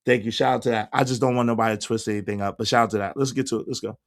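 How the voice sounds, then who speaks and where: Hoarse man hosting a livestream chat. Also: medium pitch, rapid-fire. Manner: animated, shouting out viewers by name. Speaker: livestream host reading chat.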